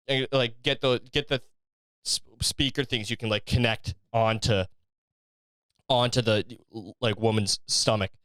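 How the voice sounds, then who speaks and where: Young guy swearing a lot, riffing solo on his podcast, smooth clear voice, dry close sound. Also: medium pitch, fairly bright tone, dry recording. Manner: rambling, profane, jokey. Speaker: podcast host. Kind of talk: casual solo monologue.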